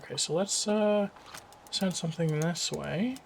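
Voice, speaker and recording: A man's voice: a little high, measured pace, vocal fry, slight background noise. A man thinking aloud as he plays a game, musing and asking himself questions between fillers. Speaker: let's play host. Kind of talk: casual gameplay commentary.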